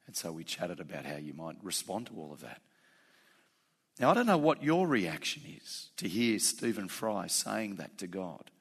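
A man's voice: low-pitched, very animated, normal speed, fairly bright tone, breathy edge. A male pastor preaching a sermon, talking in a plain, conversational way that builds into fervent emphasis.

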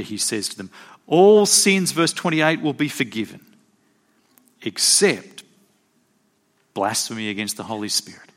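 A man preaching a sermon, telling stories and acting out quotes with animated delivery. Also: a little slow, long pauses. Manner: animated storytelling, acts out quotes with rising pitch.

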